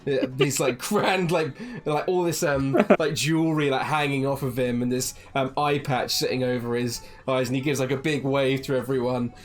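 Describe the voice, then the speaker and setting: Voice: mid-range voice, steady tone, moderate pace, hardly any pauses. A game master narrating a tabletop game in a rambling way, full of fillers and "like"s.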